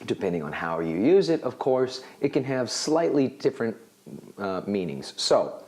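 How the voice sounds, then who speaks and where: A man's voice: medium pitch, moderate pace. A man presenting a video lesson that explains an English phrase. He talks with plenty of energy and acts out his examples. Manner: animated, acts out example dialogues. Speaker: English teacher.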